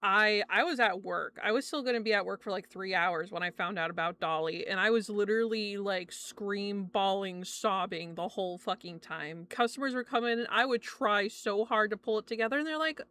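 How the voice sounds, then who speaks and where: A young woman streamer telling stories in a casual chat, animated, swearing often and laughing between lines. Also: mid-range voice, moderate pace, hardly any pauses.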